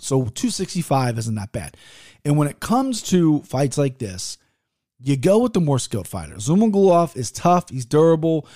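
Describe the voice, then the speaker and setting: A man's voice: medium pitch, darkish tone, dry recording, studio quality. Profane, rambling man giving fight picks. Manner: restless, self-interrupting. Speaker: fight betting pundit. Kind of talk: casual picks monologue.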